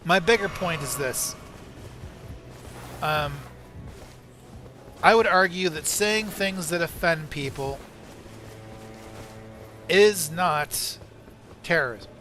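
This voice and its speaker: A slightly high-voiced man goes on a heated, swear-filled rant while he plays through a video game. His live-stream commentary is loose and argumentative. Game music plays clearly underneath his voice. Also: takes it slowly, long pauses, pushed and bright. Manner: profane, argumentative ranting.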